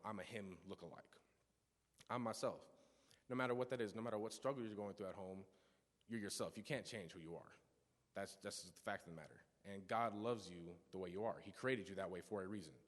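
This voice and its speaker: A young man in his teens gives an earnest personal testimony in a church service, telling stories with frequent restarts and asides. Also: on the low side. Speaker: youth speaker giving a testimony. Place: church sanctuary. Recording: long church reverb.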